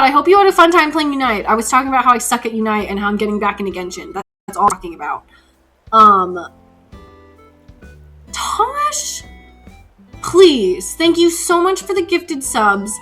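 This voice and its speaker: A woman livestreamer talking in a lively, swooping voice that sounds bright and a bit breathy. She rambles casually and gets excited easily. Soft music plays faintly behind her. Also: on the high side. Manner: rambling, chatty, excitable with gasps and laughs. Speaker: livestream host. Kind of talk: casual stream chat while gaming.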